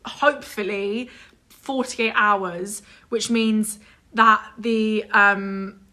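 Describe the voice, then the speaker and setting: Young woman, casual storytelling, animated, exasperated, swears freely, bright forceful tone. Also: mid-range voice, drawn-out words. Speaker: vlog guest telling a story.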